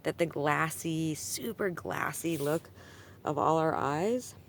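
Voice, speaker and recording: A woman's voice: low voice, slow pace, gravelly, slight background noise. A woman talking in a casual, rambling vlog monologue at home, full of ums and likes, swinging from subdued to heated. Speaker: vlogger answering a comment. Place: at home with her cat.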